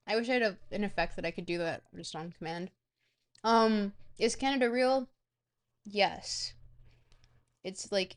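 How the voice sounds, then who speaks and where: A young woman streamer chatting casually and rambling as she reads out and answers viewer questions. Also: mid-range voice. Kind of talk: casual chat with a live stream audience.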